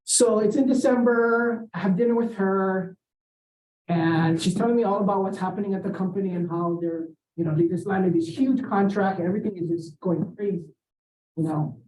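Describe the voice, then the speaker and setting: Man, middle-aged, from Hawaii, seminar storyteller, acts out quotes, clears his throat, soft warm tone, echoey lecture room. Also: sits high, moderate pace, slight background noise. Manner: animated, acts out quoted dialogue, often clears throat and adds "right?". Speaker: seminar speaker. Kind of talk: personal storytelling talk. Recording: echoey room, voice far from the mic.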